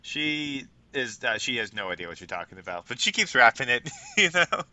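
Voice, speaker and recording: A man's voice: medium pitch, very animated, normal speed, bright, forceful tone, no room sound. A man narrating as game master of a tabletop role-playing game, casual and rambling, full of fillers.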